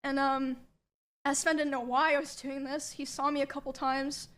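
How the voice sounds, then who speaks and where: A young woman streamer quietly recounting a personal story, hesitant with many pauses. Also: sits high, little pitch movement. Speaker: streamer telling her story. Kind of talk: personal confessional narration.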